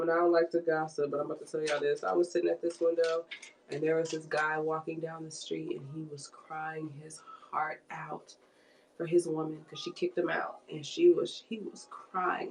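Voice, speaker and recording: A young woman from Ohio telling a story in casual chat, laughing often and putting on voices for quotes. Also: fairly low pitch. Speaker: tarot reader.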